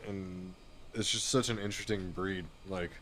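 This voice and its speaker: Chill streamer dude, lowish voice, rambly casual chat, faint hiss. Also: male voice, steady tone, moderate pace, fairly bright tone. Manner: laid-back, rambling, says "dude" and "you know what I mean". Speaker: flight sim streamer.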